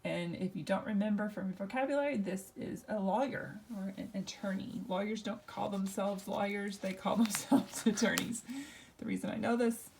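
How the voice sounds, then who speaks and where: A woman's voice: medium pitch, moderate pace, gravelly, a little mellow, slight background noise. A middle-aged woman teaching a recorded language lesson, explaining step by step and asking herself questions as she goes. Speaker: Spanish teacher.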